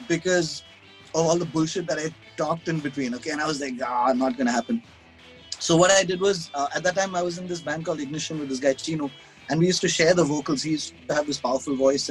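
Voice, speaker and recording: A man's voice: a little high, poor audio. A man, a guest musician chatting casually over a video call, rambling and self-mocking, with frequent restarts and laughs.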